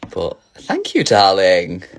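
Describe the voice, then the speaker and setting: A man casually chatting on a phone livestream as a drag performer, reading viewer questions aloud and answering with camp, giggly energy. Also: deep voice.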